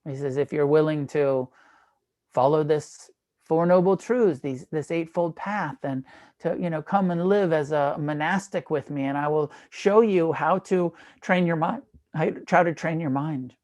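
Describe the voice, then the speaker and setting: A man's voice: fairly high pitch, a little slow. Casual, irreverent male meditation teacher. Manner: casual and irreverent, with profanity and fillers; animated retelling with frequent laughs. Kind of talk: dharma talk storytelling.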